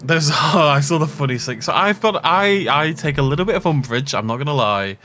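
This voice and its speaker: Brief: chatty male gaming host, rambling commentary, animated pitch, faint noise behind. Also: fairly quick. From half Irish. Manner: rambling, chatty, laughs often. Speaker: let's play host.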